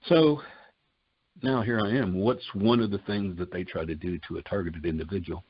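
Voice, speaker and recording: A man's voice: sits low, fairly even intonation, moderate pace, slightly rough, dry recording. An older man giving a personal testimony in a folksy way, retelling conversations line by line in quotes. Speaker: testimony speaker. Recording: dull lo-fi dry recording.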